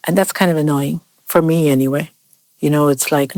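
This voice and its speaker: A woman's voice: low-pitched, moderate pace, dry recording. A woman from Ireland in her fifties, speaking earnestly in a group conversation and voicing other people's remarks with feeling. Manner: earnest, animated when quoting others. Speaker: panel guest.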